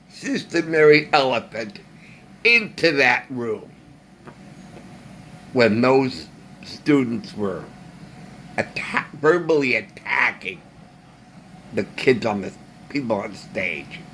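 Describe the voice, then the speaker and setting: A man speaking alone to the camera, ranting in a casual monologue with slow emphasis and long pauses. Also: mid-range voice, a bit bright, slight background noise. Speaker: vlogger.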